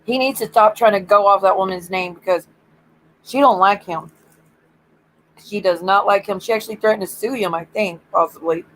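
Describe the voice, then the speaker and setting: A woman's voice: mid-range voice, moderate pace, a bit bright, slight background noise, rough recording. A woman streamer ranting bluntly and swearing in casual stream chat.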